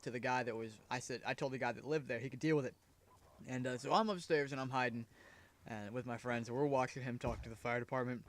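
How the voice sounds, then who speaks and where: A young man and gaming YouTuber, casually telling a personal story over gameplay, with his voice trailing low and soft at the ends of lines. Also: fairly even intonation, fast talker.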